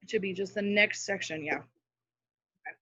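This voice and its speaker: A woman's voice: medium pitch, unhurried, sharp tone, husky, dry recording, highs cut off. A woman speaking as a guest social media manager, giving casual, practical tips on a live video call with many fillers and asides.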